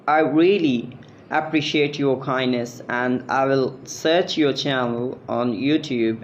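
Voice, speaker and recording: A man's voice: a little high, dull audio, slight background noise. A man voicing a confused young male learner. He speaks in hesitant, broken phrases.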